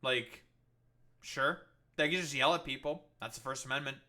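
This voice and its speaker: At a normal pace and medium pitch, a man in a pushed, bright voice mocks a news video in a stream rant. Heavy profanity and sarcastic scorn run through it, along with frequent fillers and restarts.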